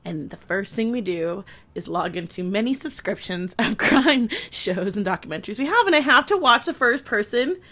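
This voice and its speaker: A woman co-hosting a podcast, chatting casually in an animated, giggly, emphatic way. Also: mid-range voice, normal speed. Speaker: podcast co-host. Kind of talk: casual chat.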